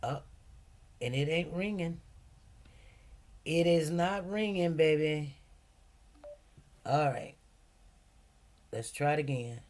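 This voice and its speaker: A woman's voice: deep voice, slow, pauses often. A middle-aged woman, casually telling a story and acting out the voices of the people in it. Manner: animated storyteller, acts out quoted voices. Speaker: channel host.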